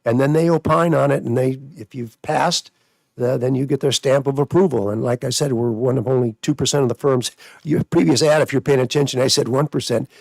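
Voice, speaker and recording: A man hosting a call-in radio show on money, talking fast and spelling things out for callers. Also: medium pitch, fairly even intonation, gravelly, a little mellow, no echo, clean studio sound. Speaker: radio show host, financial planner.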